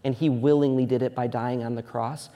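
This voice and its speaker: A man in his thirties preaching a sermon as a pastor, moving between loud emphatic preaching and quiet, hushed storytelling. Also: medium pitch, fairly even intonation, brisk, in a large hall. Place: church sanctuary.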